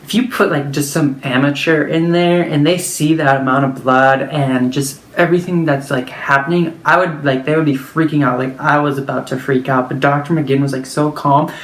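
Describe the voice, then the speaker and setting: A woman's voice: deep voice, fairly even intonation, moderate pace, few pauses. A woman telling a personal story in a casual vlog, chatty and full of fillers. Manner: chatty, filler-heavy, lots of "like". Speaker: vlogger. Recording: echoey room.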